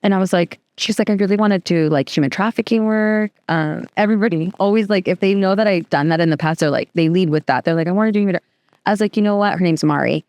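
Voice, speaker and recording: Brief: woman guest, animated casual storyteller, mid-pitch, close dry mic. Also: quick pace, dry recording. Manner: chatty, animated, fills speech with "like". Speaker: podcast guest, youth program co-founder.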